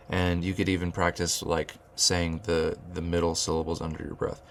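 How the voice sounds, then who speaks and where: Deep, gravelly-voiced man teaching rhythm. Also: completely flat delivery, moderate pace, few pauses, a little hiss or hum. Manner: thinking aloud with many fillers and restarts; chanting rhythm syllables. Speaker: music teacher. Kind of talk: whiteboard rhythm lesson.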